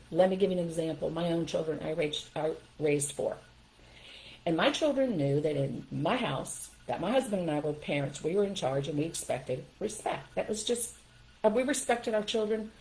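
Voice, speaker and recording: A woman's voice: fairly low pitch, a little mellow, poor audio. An older woman giving firm, emphatic parenting advice straight to her viewers in a casual livestream talk.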